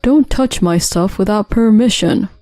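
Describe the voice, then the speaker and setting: A woman's voice: medium pitch, a little slow, dry recording, natural voice. A woman voicing a lying, cheating husband who makes flustered excuses and pleads, read as a storytelling voice-over. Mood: indignant. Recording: dry studio sound with soft music.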